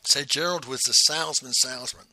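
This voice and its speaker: A middle-aged man telling a personal story in a casual monologue, animated and acting out both sides of the remembered dialogue. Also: mid-range voice, a little fast, dry recording.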